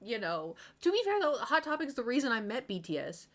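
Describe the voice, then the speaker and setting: A woman's voice: a little high, sing-song, fairly quick. A young adult woman streamer in casual live-stream chat, telling stories with acted-out quotes and frequent laughs. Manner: chatty storytelling, acts out quoted voices, swears and laughs.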